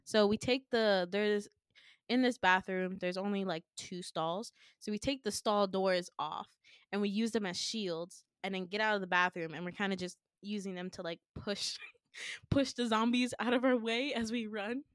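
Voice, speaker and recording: A woman's voice: medium pitch, moderate pace, no echo, studio quality. Young woman telling a dream story. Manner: animated storytelling, acts out quoted voices, laughs often. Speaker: podcast co-host recounting a dream. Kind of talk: casual chat.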